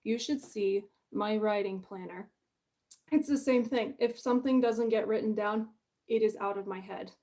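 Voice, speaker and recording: A woman's voice: medium pitch, normal speed, warm tone. A woman author hosting her book launch in a casual livestream chat. She is bubbly and self-deprecating, and she laughs often.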